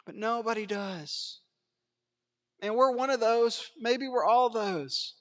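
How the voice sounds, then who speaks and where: A man preaching a sermon in a church, swinging between hushed asides and raised emphatic lines, chuckling and asking rhetorical questions. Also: very high-pitched, slow, big-room sound. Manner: acts out biblical quotes in character voices. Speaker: pastor. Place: church sanctuary.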